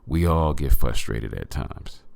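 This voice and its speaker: A man's voice: very deep voice, lively intonation, a little slow, gravelly, a little mellow, no echo. A man hosting a podcast, giving an earnest motivational talk and calling his listeners family. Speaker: podcast host.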